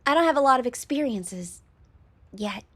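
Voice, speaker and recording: A woman's voice: fairly high pitch, animated, normal speed, a bit bright. A woman reading lines as a weary, blunt overworked office woman in a dry, unimpressed tone.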